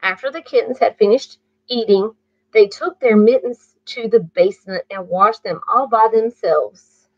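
A woman reading a bedtime story aloud to children, pausing to ask the listener questions. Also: fairly high pitch, darkish tone, slightly rough, no room sound. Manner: slow, asks the listener questions. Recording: muffled dry recording.

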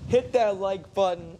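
Low-voiced nervous woman vlogger. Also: noisy background. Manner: nervous joking asides. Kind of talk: ghost-hunting vlog. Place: in a tower at night.

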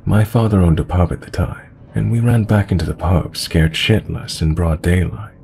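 Male horror narrator with a low, gravelly voice and a calm, measured read. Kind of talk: scripted horror story narration.

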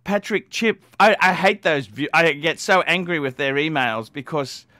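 A man hosting a live stream, ranting and swearing at callers, bursting into shouts. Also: on the high side, normal speed, no room sound. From Australia. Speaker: livestream host.

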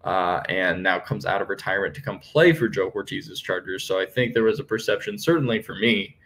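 A man's voice: deep voice, a little fast, vocal fry, a bit bright. A young man hosting a sports podcast, talking casually through team news with many fillers and restarts. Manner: conversational, many fillers and self-corrections. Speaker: podcast host. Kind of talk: solo sports podcast analysis.

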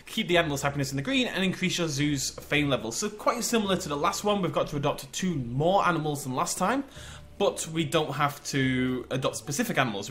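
A man's voice: a little high, a bit bright. A man with a northwest English accent hosting a let's play, chatting and exclaiming to himself as he plays. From northwest England. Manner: chatty, exclaiming, talks to himself while playing. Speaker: gaming channel host.

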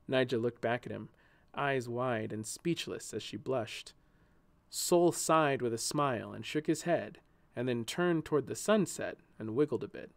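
A man narrating a children's style audio short story in an expressive, gently paced reading. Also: mid-range voice, moderate pace, vocal fry, no echo.

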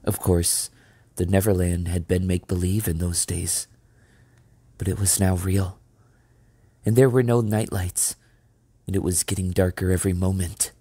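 A man reading a children's novel aloud as storyteller, steady and measured. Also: low-pitched, slightly rough, no echo.

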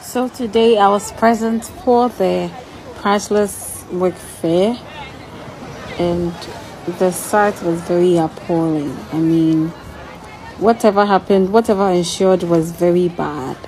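A woman's voice: on the low side, slow pace, a little mellow, some chatter behind, slight background noise, rough recording. A woman vlogging on her phone at an outdoor event, talking indignantly and exclaiming a lot. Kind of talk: casual outdoor vlog commentary.

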